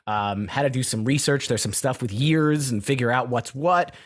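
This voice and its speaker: A man's voice: mid-range voice, moderate pace. A man co-hosting a casual podcast, talking in a rambling, self-correcting and good-natured way. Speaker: podcast co-host.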